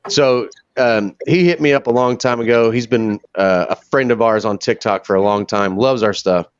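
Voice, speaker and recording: Profane, animated man telling bar stories. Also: on the low side, normal speed, smooth, muffled recording. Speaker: podcast host. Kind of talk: casual storytelling chat.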